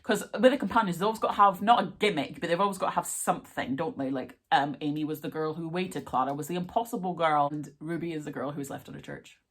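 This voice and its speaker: A young woman with a notably low voice rambles excitedly through a casual reaction vlog, dropping fillers and asides as she goes. Her delivery is chatty and animated. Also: quick pace, hardly any pauses. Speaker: vlogger.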